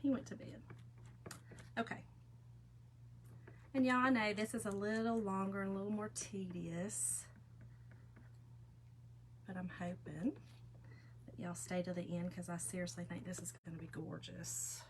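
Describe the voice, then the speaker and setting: A woman's voice: lowish voice, level tone, a little slow, long pauses, a little hiss or hum. A middle-aged woman, chatting and rambling to viewers while she crafts on a live stream. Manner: chatty, rambling, laughs often, talks to viewers directly. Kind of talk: casual chat while crafting.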